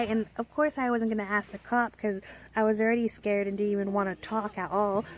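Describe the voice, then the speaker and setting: A woman's voice: fairly high pitch, fairly even intonation, brisk. A young woman telling a personal story in a casual storytime vlog, rambling with many fillers and restarts. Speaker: storyteller vlogger.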